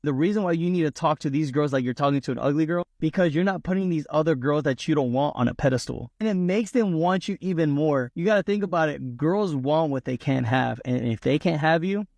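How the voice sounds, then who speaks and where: A man's voice: fairly high pitch, brisk, creaky, few pauses, darkish tone, dry recording. A man giving blunt, numbered dating tips in a casual way. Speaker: dating advice speaker. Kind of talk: casual advice to camera.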